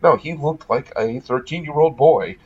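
A middle-aged man with a husky, slightly breathy voice tells a story in a relaxed podcast chat, dropping dry, joking asides. The audio sounds a little muffled and lo-fi. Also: a little high, moderate pace. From Massachusetts, USA.

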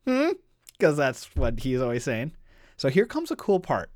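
Male podcast host, lively storyteller, dry close sound. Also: medium pitch, normal speed, no room sound. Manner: animated storyteller, frequent "like" fillers. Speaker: podcast co-host recapping a book. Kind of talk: casual chat and reading book passages aloud.

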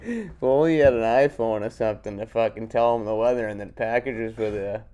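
A man's voice: medium pitch, brisk, dark tone, lo-fi sound. A man with a mid-range voice co-hosts a casual podcast. He jokes crudely and mocks freely, and he swears a lot. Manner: crude, mocking banter. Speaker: podcast co-host.

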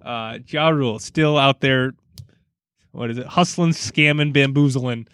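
A man's voice: medium pitch, unhurried, fairly bright tone, clean tone, no echo, clean studio sound. A man, co-hosting a casual sports podcast, chatty and rambling, laughing often. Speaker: podcast co-host.

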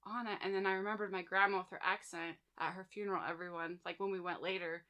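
A woman's voice: on the low side, little pitch movement, fast talker, bright, forceful tone, lo-fi sound. A woman in her thirties chatting casually with friends, telling personal stories full of fillers and "like". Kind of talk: casual storytelling chat.

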